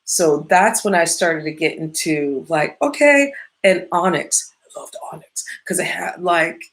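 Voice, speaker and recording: A Midwestern American woman with a lowish, slightly bright voice hosts a podcast at an unhurried pace. She chats casually and rambles, swearing freely and often losing her train of thought.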